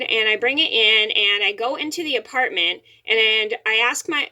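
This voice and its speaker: A woman's voice: on the high side, pushed and bright. A young woman telling a story to the camera in a rambling, casual way, repeating words and apologizing, a little teary-eyed. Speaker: vlogger.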